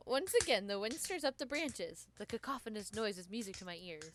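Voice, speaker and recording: A woman's voice: on the high side, animated, moderate pace, a little hiss or hum. Giggly woman reading game text. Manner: giggly, reads with playful drama. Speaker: let's play host.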